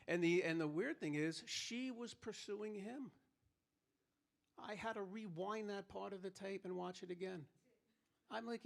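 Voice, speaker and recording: A man's voice: high voice, normal speed, creaky. A man performing a live stand-up routine on stage, telling stories and acting out the people in them. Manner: storytelling, acting out quoted characters. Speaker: stand-up comedian. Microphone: handheld stage microphone.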